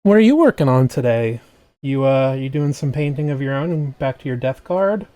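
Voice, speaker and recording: Male streamer, casual and joking, mid-pitched, close dry desk mic. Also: lively intonation, moderate pace, dark tone, dry recording. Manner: chatty and jokey, trails off and restarts. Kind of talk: casual chat with stream viewers. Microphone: desk microphone.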